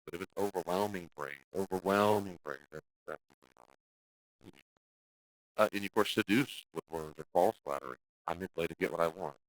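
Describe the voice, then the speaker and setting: A man's voice: low voice, a little fast, no echo, rough recording. A male pastor teaching a church class in a direct, conversational way, acting out quoted speech in exaggerated voices. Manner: direct, conversational, with frequent restarts.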